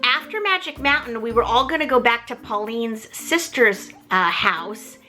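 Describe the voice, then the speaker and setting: A middle-aged woman telling a story in a casual, animated way, often talking straight to the viewers. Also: on the high side, normal speed. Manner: animated, chatty, keeps addressing viewers. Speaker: mother telling her story.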